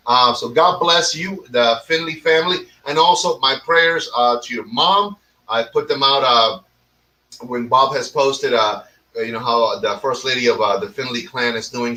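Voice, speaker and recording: A man's voice: mid-range voice, sharp tone, far from the mic, poor audio. Rambling, teasing man hosting a talk show. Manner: rambling, teasing, swears freely. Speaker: host of a cigar talk show. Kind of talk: casual chat.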